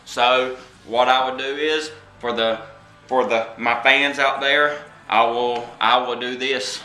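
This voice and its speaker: A man doing a comedic vlog monologue to camera, boastful and brash, with drawn-out pauses. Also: mid-range voice, sharp tone, roomy sound. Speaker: comedic vlogger.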